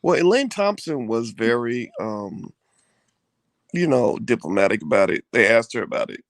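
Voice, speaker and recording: A man chatting casually, his speech full of restarts and blunt slang. His voice sits at a middling pitch, and the sound is dry and close with little room echo. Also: normal speed. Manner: animated, frequent restarts, profane slang. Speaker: co-host. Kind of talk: casual chat.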